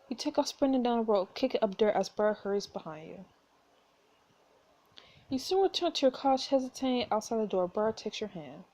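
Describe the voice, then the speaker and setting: A woman's voice: mid-range voice, animated, brisk, darkish tone. Chatty woman reading a game aloud. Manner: casual, chatty asides. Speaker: gameplay streamer.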